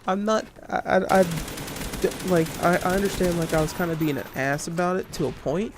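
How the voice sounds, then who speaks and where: A man's voice: high-pitched, brisk, background noise. A young man casually telling a story over gameplay, ranting and swearing with lots of restarts and fillers. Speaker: gaming video creator. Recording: gunfire from game audio behind.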